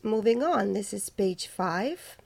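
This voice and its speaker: Slow, mellow-voiced woman choir director. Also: animated, creaky. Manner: demonstrates parts by singing syllables high and light. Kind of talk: choral diction lesson.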